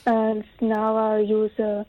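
A woman's voice: medium pitch, monotone, takes it slowly, dry recording. Woman caller on a tinny phone line. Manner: earnest, hesitant, with ums. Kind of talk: phone-in chat.

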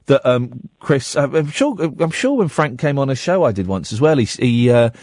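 Animated man hosting radio chat. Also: medium pitch, moderate pace, no room sound, studio quality. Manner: animated, rambling, stumbling restarts. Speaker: radio host.

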